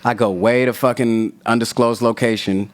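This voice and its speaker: A man's voice: mid-range voice, fairly even intonation, normal speed. A man, a rapper guest on a podcast, telling a long profane story in casual talk and acting out other people's lines.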